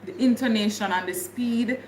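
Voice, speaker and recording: A woman's voice: a little high, moderate pace, a little mellow, echoey room, a little hiss or hum. Chatty Jamaican woman on a livestream. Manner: chatty, laughing, talks to viewers in comments. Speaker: livestream host. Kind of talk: casual livestream chat.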